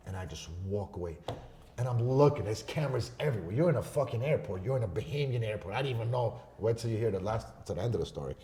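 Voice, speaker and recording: A man on a podcast telling a story in a casual, profane way, swinging between loud bursts and hushed asides. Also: on the low side, animated, fast talker, slight background noise. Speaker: podcast guest.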